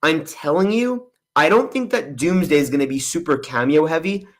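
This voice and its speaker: A man's voice: fairly high pitch, animated, moderate pace. A young man hosting a movie livestream Q&A, answering viewer questions in a candid, rambling way. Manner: rambling and candid, often says honestly and "I'm gonna be real".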